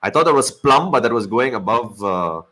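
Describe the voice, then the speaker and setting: A man chats through a live cricket match with a friend, cracking jokes, swearing freely and needling his co-host between calls on the play. His voice sits at an ordinary middle pitch for a man. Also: expressive, moderate pace, sharp tone. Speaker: cricket watch-along co-host. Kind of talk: casual live-stream chat and commentary.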